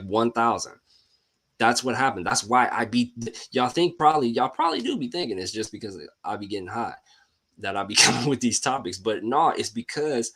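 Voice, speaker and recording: A man's voice: mid-range voice, fairly bright tone, breathy edge. A man hosting a live mindset show, talking casually and animatedly, firing rhetorical questions at himself and at listeners in slangy, informal speech. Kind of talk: casual motivational talk.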